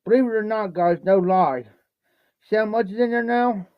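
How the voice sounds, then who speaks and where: A man's voice: sits high, moderate pace, smooth, dry recording, lo-fi sound. A man from Ohio livestreaming from home, telling a rambling, repetitive folksy story and mixing drinks. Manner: rambling, repetitive, folksy, keeps saying "no joke". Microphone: phone livestream.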